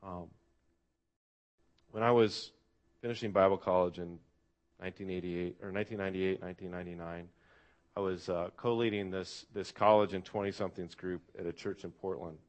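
A man's voice: deep voice, fairly even intonation, fairly quick. A man preaching a sermon to a church congregation in an earnest, reflective way. He often asks the listeners questions and uses "uh" fillers. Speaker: pastor.

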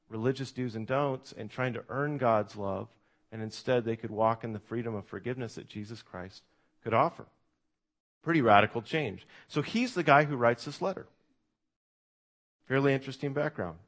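American pastor preaching a lively sermon. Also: male voice, medium pitch. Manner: conversational, lively, speaks to the kids. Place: church.

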